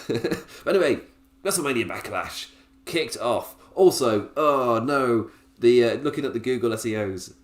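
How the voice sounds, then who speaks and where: A podcast host with a fairly low voice recaps in a chatty, casual way, laughing often and restarting his sentences. The recording has a roomy sound.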